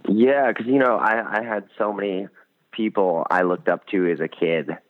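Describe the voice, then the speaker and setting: A man's voice: fairly low pitch, fairly even intonation, moderate pace. A young man, a band's musician, chatting casually in an interview, rambling with lots of fillers. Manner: rambling, many fillers, enthusiastic. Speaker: band musician, guest. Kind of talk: casual interview over phone. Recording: tinny phone line.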